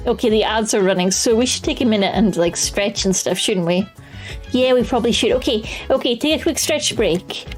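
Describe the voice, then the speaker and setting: Woman game streamer, playful chatter, fairly high pitch, hums along, desk mic, faint game music behind. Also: fairly quick. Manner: playful, hums and sings along, reads game text aloud. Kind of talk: live gameplay commentary. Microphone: desk microphone.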